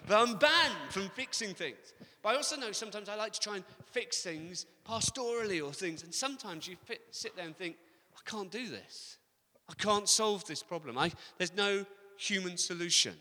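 A man preaching a sermon, telling the story with lively, acted-out voices for the characters. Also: mid-range voice. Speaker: pastor. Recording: long reverb of a large hall.

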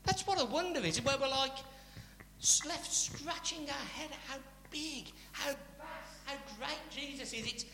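A man preaching a sermon, chatty and animated, with asides to the congregation. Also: very high voice, unhurried, vocal fry. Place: church. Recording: church hall reverb, faint hum.

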